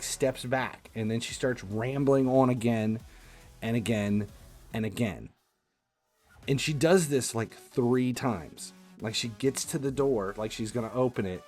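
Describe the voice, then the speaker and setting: A man hosting a livestream, telling a casual anecdote in an animated, exasperated way with casual swearing. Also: mid-range voice. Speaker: livestream host. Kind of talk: casual storytelling.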